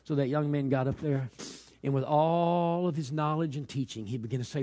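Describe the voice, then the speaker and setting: Fervent preacher man, higher voice. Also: brisk, hardly any pauses. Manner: storytelling that builds to loud, fervent preaching; repeated hallelujahs and restarts. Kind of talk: sermon.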